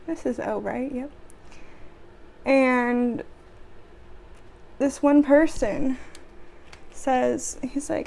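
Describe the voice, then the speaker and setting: A woman's voice: high-pitched, extremely slow, gravelly, pauses often, warm tone. A young woman vlogger telling work stories in a casual chat, sarcastic and exasperated, with sighs.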